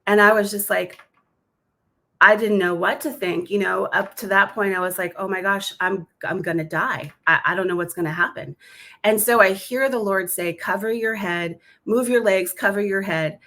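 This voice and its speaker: A woman guest on a podcast, telling a personal testimony in a lively, quick way and acting out the voices in her story. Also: mid-range voice. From Alaska.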